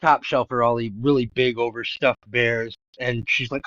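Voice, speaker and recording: A man co-hosting a casual film chat, telling jokes in a halting way with many fillers. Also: mid-range voice, fairly even intonation, a bit bright, dry recording, lo-fi sound. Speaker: podcast co-host.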